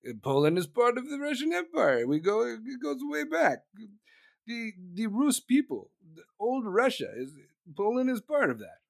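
A man's voice: extremely high pitch, wildly swooping pitch, moderate pace, creaky, voice pushed up, exaggerated voice. A man doing an impression of a cold, domineering older male foreign leader who speaks in curt, matter-of-fact statements. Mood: lecturing.

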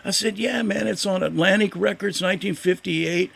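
Gravelly older man telling a story. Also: sits high, normal speed. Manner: animated, acts out quoted voices. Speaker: guest musician. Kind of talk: casual storytelling.

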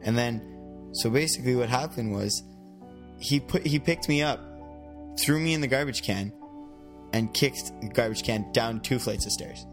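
A man's voice: medium pitch, moderate pace, pauses often. A young man co-hosting a podcast, spinning a long, rambling story in a loose, chatty way. He acts out the lines of the people in his tale as he goes. Faint music sits under his voice. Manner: rambling, animated storyteller who acts out quotes. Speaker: podcast co-host telling stories. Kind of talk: casual podcast chat.

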